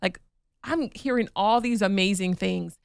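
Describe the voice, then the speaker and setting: A woman's voice: medium pitch, unhurried, creaky, clean tone, dry recording, clean studio sound. A woman co-hosting a podcast, sharing a personal story in frank, chatty casual talk. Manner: frank, chatty, laughs easily. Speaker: podcast co-host. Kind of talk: casual chat.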